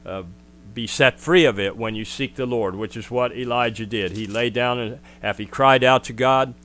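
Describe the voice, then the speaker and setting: Earnest preacher man, smooth clear voice. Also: mid-range voice, normal speed, a bit bright. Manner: earnest, with frequent "uh" fillers. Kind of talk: sermon.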